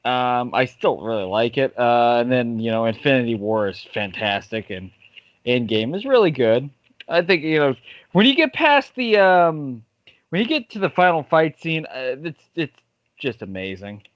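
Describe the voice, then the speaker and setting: A man co-hosting a podcast, chatting casually and hesitantly with lots of fillers, whose voice jumps up when he gets excited. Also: mid-range voice, moderate pace, no room sound, muffled recording. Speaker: podcast co-host. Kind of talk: casual chat.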